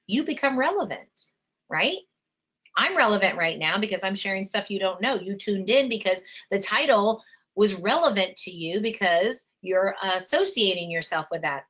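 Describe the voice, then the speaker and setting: A woman coaching travel agents in a live online session, energetic and conversational, coaxing her listeners along. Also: mid-range voice.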